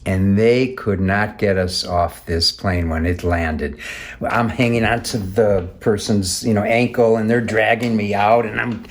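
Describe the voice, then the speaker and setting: A man's voice: on the low side, steady tone, a little slow. A man co-hosting a casual chat, playfully adding to a shared story and plugging an upcoming concert. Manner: playful, chatty, joins in on the story. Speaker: co-host and musician.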